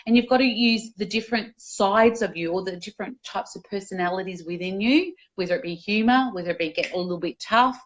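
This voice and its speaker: Candid, energetic woman guest. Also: mid-range voice, a little fast, hardly any pauses, lo-fi sound. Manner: energetic, candid, casual swearing, acts out inner voices. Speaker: interview guest, speaking coach. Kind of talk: conversational interview.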